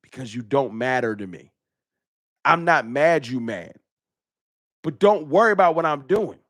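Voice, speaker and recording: A man hosting a casual live-stream fan talk show, animated and slangy, often repeating his words. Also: medium pitch, unhurried, no room sound.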